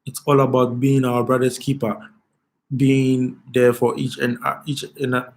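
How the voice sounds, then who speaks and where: A man's voice: mid-range voice, completely flat delivery, unhurried, gravelly. A man hosting an emotional live stream, speaking with passion and repeating his phrases as he pleads with his viewers.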